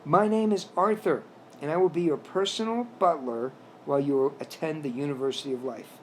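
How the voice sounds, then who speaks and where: A man's voice: fairly high pitch, a little fast, slight background noise, lightly acted. A man doing a stiff English frog butler. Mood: formal. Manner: stiff, firm yet caring. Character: stately male frog butler, proper and dignified.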